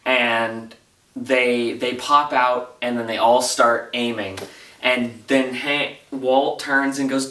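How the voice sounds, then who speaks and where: Excited man recapping a TV episode. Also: medium pitch, slow, far from the mic. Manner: animated, breathless retelling with rising intensity. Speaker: TV episode reviewer. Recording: roomy echo, voice off-mic.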